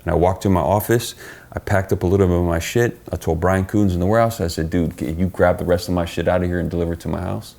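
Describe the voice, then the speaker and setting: A middle-aged man, a podcast guest, telling stories in casual chat, profane and animated as he acts out what people said. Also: sits low, fast talker, vocal fry. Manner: profane, animated storyteller acting out quoted dialogue.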